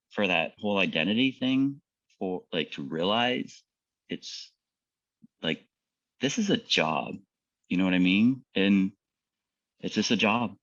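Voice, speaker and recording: Man, very low voice, halting, lots of fillers, muffled lo-fi recording. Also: no room sound. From Canada. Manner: halting, full of fillers and repeated words. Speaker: paramedic sharing his recovery story. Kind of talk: personal testimony talk.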